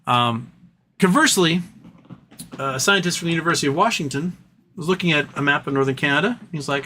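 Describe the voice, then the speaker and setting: Guy on a livestream, bright forceful voice, chatty and animated, faint hum behind. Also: on the high side, very fast. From United States. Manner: animated storytelling with mock voices for quoted parties. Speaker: livestream host. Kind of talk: casual livestream monologue.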